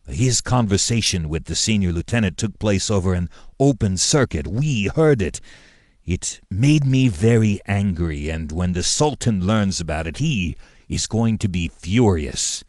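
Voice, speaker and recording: A man voicing a formal, indignant male governor who speaks in a measured way with pointed emphasis. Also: low-pitched, lively intonation, a little mellow, dry recording, studio quality.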